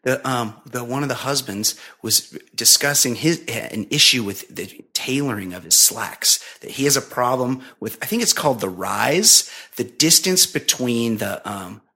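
A man's voice: mid-range voice, animated, measured pace, bright, forceful tone. A man co-hosting a podcast, telling a long story in casual, profane, rambling chat full of fillers. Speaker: podcast co-host.

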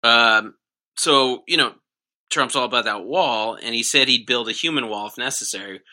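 A man's voice: medium pitch, moderate pace, bright, forceful tone. A man co-hosting a comedy podcast, reading out news items in casual banter with a dry, sarcastic delivery.

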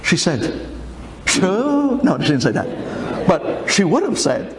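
A man telling a religious folk tale in an animated, dramatic way. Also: on the high side, unhurried, background noise. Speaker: storyteller.

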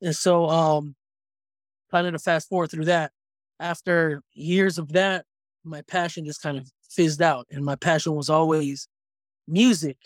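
A man in his thirties, a podcast guest, telling stories in a casual, animated way with frequent ums. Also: a little high, unhurried, no room sound, studio quality. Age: 30s. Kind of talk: casual storytelling chat.

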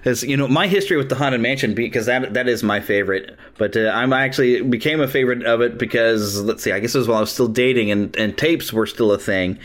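A man hosting a podcast in casual, eager conversation, talking quickly and laughing easily. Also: mid-range voice. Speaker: podcast host. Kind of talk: casual chat.

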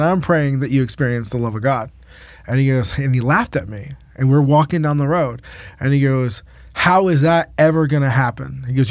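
A man, a pastor, telling a faith story in casual podcast talk, acting out the quotes with lively energy. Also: medium pitch, no room sound. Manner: animated preaching storyteller, acts out quotes.

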